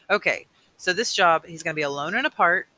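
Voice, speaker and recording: A man's voice: fairly high pitch, lively intonation, fairly quick, pushed and bright, rough recording. A man reading a novel aloud chapter by chapter, adding casual asides.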